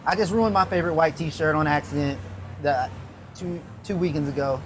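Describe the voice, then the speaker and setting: A man's voice: a little high, moderate pace, a little hiss or hum. A man in his late thirties, a business owner and interview guest, chatting casually over a meal in an indoor food hall and calling people "man" a lot. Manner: relaxed, easygoing, says "man" often. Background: background music.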